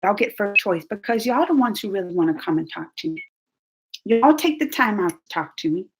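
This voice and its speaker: A woman's voice: mid-range voice, expressive, fairly quick, husky. A woman hosting her own reaction channel, chatting casually with viewers during a live stream, gushing and laughing often. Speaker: YouTube reaction channel host.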